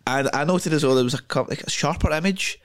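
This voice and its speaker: A man's voice: a little high, quick pace. A man co-hosting a film podcast, thinking aloud in rambling, restarting sentences. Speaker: podcast co-host. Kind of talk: casual film chat.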